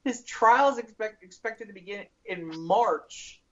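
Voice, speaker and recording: A woman's voice: fairly high pitch, unhurried, lo-fi sound. A woman hosting a comedy news podcast, reading a story and breaking into giggles.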